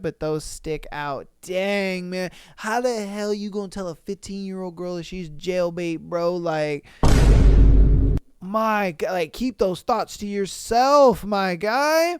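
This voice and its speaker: A man hosting a podcast, reading listener stories aloud and reacting in animated, slangy disbelief, often exclaiming loudly. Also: sits high, smooth. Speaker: podcast host. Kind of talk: casual reaction commentary.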